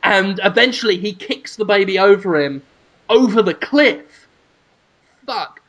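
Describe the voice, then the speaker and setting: A man's voice: unhurried, lo-fi sound. Man rambling through a comic story. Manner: rambling, animated pitch of a made-up film. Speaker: podcast co-host. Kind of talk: comedic storytelling chat.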